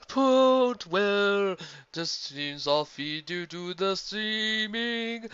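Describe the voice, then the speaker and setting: A man voicing a young female sea pony, singing a slow, soft lullaby. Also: sits high, clear, resonant tone, no room sound, muffled recording, pitched above the performer's own voice, exaggerated voice.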